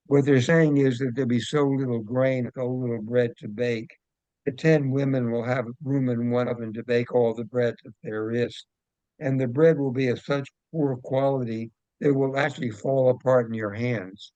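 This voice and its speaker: A man's voice: mid-range voice, fairly even intonation, normal speed, dark tone, no echo, lo-fi sound. A man teaching an adult study class, reading scripture aloud and breaking off to explain it in plain, casual asides. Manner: reads verses steadily, with plain conversational asides.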